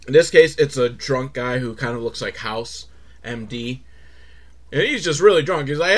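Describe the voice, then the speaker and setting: A man hosting a comedic movie recap, rambling and sarcastic, acting out characters in squeaky voices. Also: lively intonation, normal speed, fairly bright tone.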